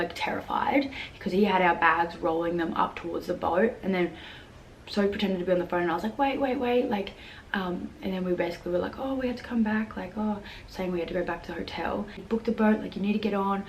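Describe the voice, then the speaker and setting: A young woman vlogging casually, telling a story with lots of "like" fillers and acted-out quotes. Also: fairly low pitch. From Australia. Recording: echoey room with faint background noise.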